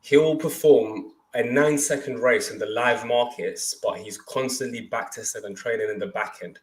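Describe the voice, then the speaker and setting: A man's voice: medium pitch, moderate pace, reverberant, low-quality recording. A young man co-hosting a trading livestream, talking casually and energetically, often restarting his sentences.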